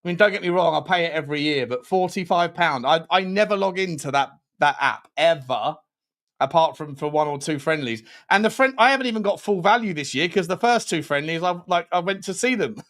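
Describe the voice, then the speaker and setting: A man's voice: fairly high pitch, lively intonation, brisk, fairly bright tone. A young man hosting a live stream, chatting casually, reading out viewer comments, swearing and laughing often. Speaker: host.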